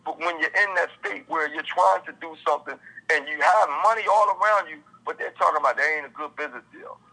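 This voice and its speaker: A man's voice: a little high, fast, creaky, sharp tone, rough recording. A man, an author being interviewed, talking passionately in casual slang and acting out his characters. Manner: impassioned, acts out friends' dialogue in casual slang. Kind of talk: animated interview talk.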